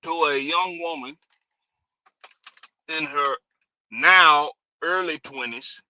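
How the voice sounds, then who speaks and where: A man's voice: on the high side, slow pace, sharp tone, muffled recording. A man hosting a casual sports livestream, hyped and drawling, repeating his phrases. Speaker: host. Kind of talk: casual livestream show opening.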